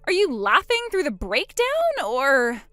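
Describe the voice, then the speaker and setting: A woman's voice: high-pitched, wildly swooping pitch, measured pace, a bit bright, no room sound, heavily acted. A woman voicing a boastful, spiteful young woman who mocks her sister in a text-story drama. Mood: gloating. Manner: smug, mocking, gloating.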